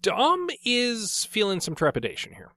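A man co-hosting a casual book discussion podcast, talking in a wry, relaxed way with jokey segues. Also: sits high, unhurried, no echo. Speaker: podcast co-host.

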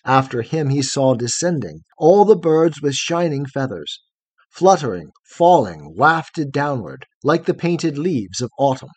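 A man narrating a poem in a steady, rhythmic recitation. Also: mid-range voice, unhurried, breathy edge, no echo. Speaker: audiobook narrator. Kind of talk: scripted poetry narration.

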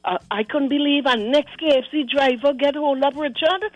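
A Trinidadian woman phoning in to a radio show, fired up and indignant as she acts out the people she quotes. Her voice sits fairly high and sounds dry and close, with faint music underneath. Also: normal speed, dry recording, muffled recording. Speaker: caller. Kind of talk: call-in radio commentary. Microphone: phone line.

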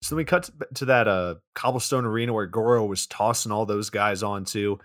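A man co-hosting a podcast, recapping a film plot in a casual, sardonic way with swearing and deadpan asides. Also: lowish voice, a little fast, dry recording, studio quality. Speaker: podcast co-host.

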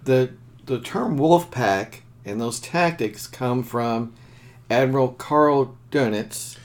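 A man co-hosting a history podcast, talking in a relaxed, conversational way with some restarts. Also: medium pitch, slow. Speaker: podcast co-host. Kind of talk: casual history chat.

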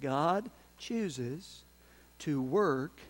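A pastor delivers a sermon in a fairly high male voice. He preaches with passion and drops into little acted-out prayers and asides to his congregation. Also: lively intonation, extremely slow.

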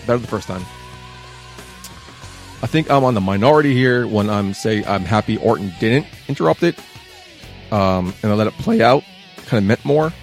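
A man in his thirties hosting a casual talk show, chatty and sarcastic with lively asides. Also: on the low side, moderate pace, long pauses, faint music behind. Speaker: podcast host.

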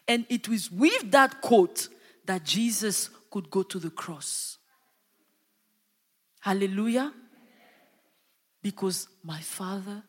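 A woman delivers a sermon at a measured, unhurried pace. Her voice carries a long reverb, as if she is filling a large hall. She swells on key lines and calls out to her listeners for a response. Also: mid-range voice. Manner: impassioned, rising and falling emphasis with call-and-response. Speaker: preacher.

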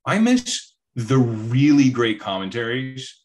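A man's voice: medium pitch, big pitch swings, takes it slowly. A man in casual podcast chat, telling anecdotes about film and acting out quoted voices.

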